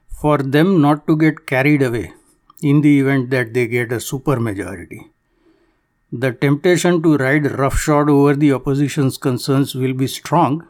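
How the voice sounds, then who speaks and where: A man with a slightly higher-than-usual voice reads a scripted political commentary. He is formal and measured, with a dry wryness that runs through his careful phrasing. He comes from Canada. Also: a little mellow. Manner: formal, measured, dryly wry.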